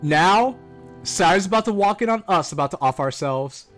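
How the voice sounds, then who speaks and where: A man streaming a game, reading the story aloud and breaking off into excitable, slangy reactions, with faint game music playing. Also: sits high, moderate pace. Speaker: gaming streamer. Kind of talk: reading a visual novel aloud with live reactions.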